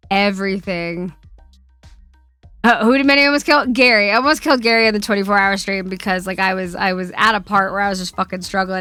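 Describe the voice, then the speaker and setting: A woman's voice: on the high side, pushed and bright, no room sound. A woman hosting a live stream, chatting casually, laughing often and swearing freely. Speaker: streamer host. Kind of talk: casual chat.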